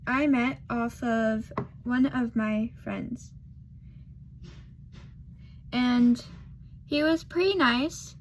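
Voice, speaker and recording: A woman's voice: fairly high pitch, slight background noise. A woman vlogger telling a casual storytime while doing her makeup, rambling and losing her thread with lots of fillers.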